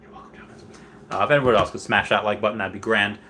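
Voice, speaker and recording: A man hosts a relaxed livestream in a slightly low but bright, forward voice. He rambles on, reads viewer comments aloud and swings into loud, excited bursts. Faint room ambience sits behind him. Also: racing, slight background noise. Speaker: livestream host. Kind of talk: casual livestream chat.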